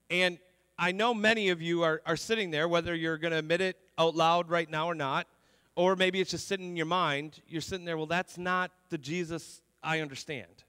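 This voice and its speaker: Young guy preaching in church, high clear voice, lots of "you know", kinda echoey hall sound. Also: pushed and bright. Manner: conversational, repeats words, many "you know"s. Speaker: pastor. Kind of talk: sermon. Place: church sanctuary.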